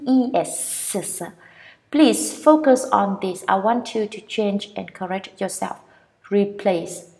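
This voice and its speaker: A woman with a Vietnamese accent, a native Vietnamese speaker, teaching an English pronunciation lesson and repeating each word with drawn-out vowels. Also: on the high side, gravelly, a little mellow.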